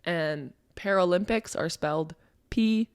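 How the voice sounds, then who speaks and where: A playful woman from Canada co-hosts a relaxed podcast chat, laughing easily between points. Her voice sits fairly low, and the recording is dry and close with no room sound. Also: unhurried, smooth, no room sound. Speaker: podcast co-host. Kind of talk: casual chat.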